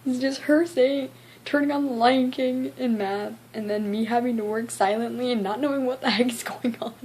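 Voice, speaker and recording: A woman's voice: on the high side, fairly even intonation, normal speed, darkish tone. A teenage girl ranting casually in a vlog, full of "like" fillers and acted-out quotes. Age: teens. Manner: chatty, frequent "like" fillers, acts out quotes. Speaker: vlogger.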